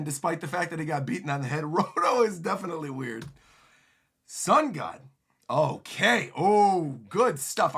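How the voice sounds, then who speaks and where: A man livestreaming his reaction to a manga chapter, giving excitable, animated commentary into a desk microphone. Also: fairly high pitch, creaky, breathy edge.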